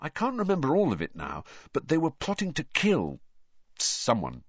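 A man's voice: on the high side, huge pitch swings, moderate pace, breathy edge, no room sound, voice pushed up, exaggerated voice. A man voicing an earnest, troubled teenage boy wizard in a raised, urgent voice, on a dull lo-fi recording.

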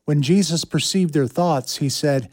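A man reading scripture aloud in a steady, plain way. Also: fairly high pitch, measured pace, no room sound, clean studio sound. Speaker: scripture reader.

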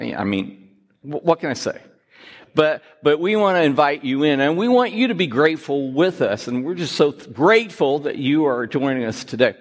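A man preaching a sermon, telling jokes and gently teasing himself and his listeners. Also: fairly high pitch. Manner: joking, self-teasing, lively. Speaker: pastor. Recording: reverberant hall.

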